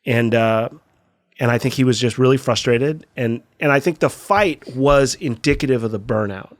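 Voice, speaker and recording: A man's voice: medium pitch, moderate pace. A middle-aged man from California, a skate video filmer, telling a story casually in a podcast interview, profane and acting out the voices of the people he quotes.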